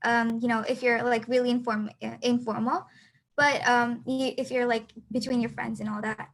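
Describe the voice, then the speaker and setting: A woman's voice: on the high side, little pitch movement, normal speed, poor audio. A teenage girl teaching a beginner lesson over a video call, hesitant with many fillers and restarts. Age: teens. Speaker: student teacher. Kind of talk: online class lesson.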